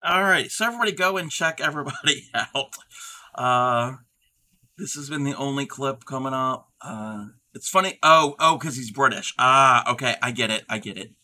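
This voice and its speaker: A man hosts a crafting livestream, rambling casually while reading his chat aloud and answering it. His mid-range voice is bright, expressive, and forceful, at a normal speed.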